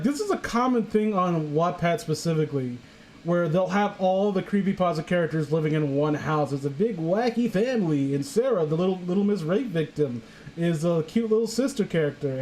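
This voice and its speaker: Young guy reading cringey fanfic out loud, kinda high voice, super sarcastic. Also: a little hiss or hum, poor audio. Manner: sarcastic, exasperated, breaks into laughter. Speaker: host reading fan fiction aloud. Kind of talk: comedic dramatic reading with commentary.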